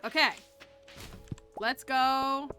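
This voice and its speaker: Bright-voiced chatty woman streamer. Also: high voice, fairly even intonation, very slow, faint music behind. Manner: chatty, reads game dialogue aloud. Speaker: gaming streamer. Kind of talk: live gameplay commentary.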